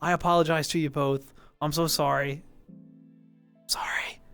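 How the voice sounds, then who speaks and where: A man with a fairly high, smooth voice, chatting casually on a livestream as he answers viewers. He rambles and restarts his sentences, apologizes often, and laughs easily. Soft music plays faintly behind him. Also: little pitch movement. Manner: rambling, self-correcting, quick to apologize and laugh. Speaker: livestreamer reading chat.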